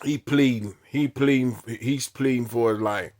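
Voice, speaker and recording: A man in a medium-pitched voice tells a story in casual talk. His phrasing is blunt and punchy, and he repeats lines for emphasis. He acts out the dialogue as he goes. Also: measured pace, darkish tone. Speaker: storyteller recounting his past.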